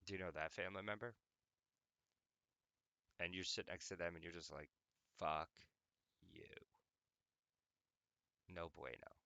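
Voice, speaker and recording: Low gravelly man, bright and dry. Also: a little fast, pauses often, no echo. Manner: rambling, profane, jokey, many "like"s. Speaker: podcast host. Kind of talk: casual monologue.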